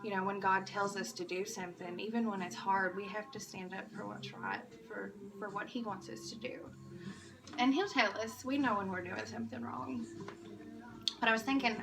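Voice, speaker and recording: A woman's voice: mid-range voice, fairly even intonation, moderate pace, distant mic, low-quality recording. A woman giving an earnest, emotional devotional talk to church kids, restarting her phrases often. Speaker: church kids' devotional speaker. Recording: music behind, voice a bit off-mic.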